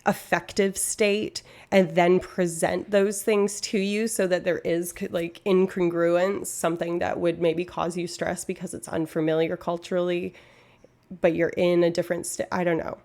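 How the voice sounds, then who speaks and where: A woman's voice: fairly low pitch, little pitch movement, normal speed, a little mellow. A young woman from Canada chatting casually on a live stream, rambling and interrupting herself.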